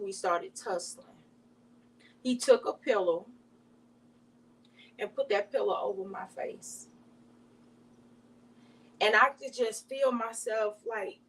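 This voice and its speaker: A woman from Alabama, giving an emotional, halting personal testimony as an interview guest. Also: on the high side. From Alabama, US South. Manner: emotional, halting retelling with many restarts. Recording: distant mic with faint hum.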